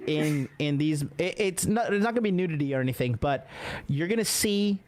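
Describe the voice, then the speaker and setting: A young man hosts a live-streamed dating podcast, talking in a loose, brash and joking way with lots of swearing. His voice sits a little high for a man. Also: expressive, a little fast, background noise. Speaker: podcast host. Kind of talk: casual live-stream chat.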